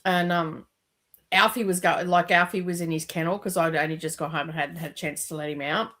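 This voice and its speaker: Blunt, low-voiced woman telling stories. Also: steady tone, a little fast, a bit bright. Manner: blunt, matter-of-fact storyteller. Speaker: book club co-reader. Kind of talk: casual chat.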